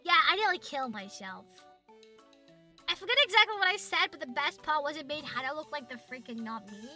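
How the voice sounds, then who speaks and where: A young British woman streaming as a VTuber, chatting casually to her chat, excitable and swearing a lot with loud outbursts. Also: high-pitched, fairly quick, soft background music.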